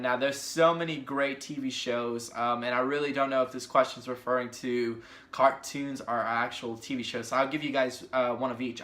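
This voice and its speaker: A young man in his twenties rambling through casual questions, full of ums and side tangents. His voice is bright and forceful, at a middle pitch. It bounces around an echoey room. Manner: rambling, chatty, lots of fillers. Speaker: vlogger. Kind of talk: casual question-and-answer chat.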